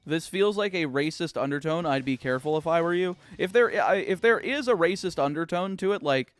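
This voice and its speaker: A man's voice: fairly high pitch, expressive, brisk, smooth, no room sound. A young American man chatting on a game livestream, answering viewer comments in a rambling, sarcastic way with lots of restarts. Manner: rambling, sarcastic, many restarts and filler words. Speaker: streamer. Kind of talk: casual livestream chat reading viewer comments.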